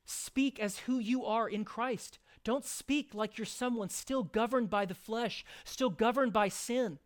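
A man's voice: extremely high pitch, a little slow. Earnest preaching man. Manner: earnest preaching with conversational asides and acted examples. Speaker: pastor. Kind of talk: sermon.

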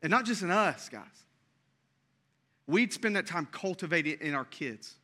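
A young adult man preaching a sermon as pastor, energetic and conversational, with frequent restarts. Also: a little high, normal speed.

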